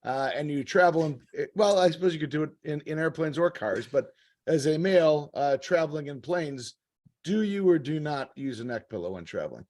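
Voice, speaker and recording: A man's voice: on the high side, lively intonation, brisk, a little mellow. A man co-hosting a podcast, asking jokey, teasing questions and stumbling over his setup. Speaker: podcast co-host. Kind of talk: casual chat.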